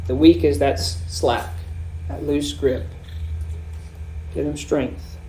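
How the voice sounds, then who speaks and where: A man preaching a sermon, explaining scripture with swells and sudden drops in loudness. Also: fairly high pitch, measured pace, pauses often, a little hiss or hum. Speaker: pastor.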